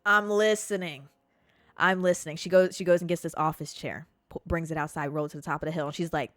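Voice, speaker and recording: A woman podcast host telling a wild story in a casual, animated way, full of swearing and dramatic pauses. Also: fairly low pitch, dry recording.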